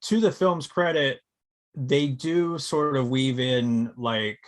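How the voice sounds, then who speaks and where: Guy hosting a movie podcast, lots of ums, jumps up in pitch when he starts talking. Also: takes it slowly. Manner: hesitant, many fillers, pitch jumps up when starting turns. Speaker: podcast host. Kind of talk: casual chat.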